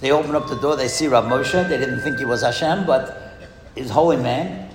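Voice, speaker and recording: A man's voice: medium pitch, a little fast, background noise. Storytelling man in an echoey hall. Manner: lively storyteller who asks the audience questions. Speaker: speaker addressing a school audience. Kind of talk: storytelling speech. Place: hall in a school. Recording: echoey hall with long reverb.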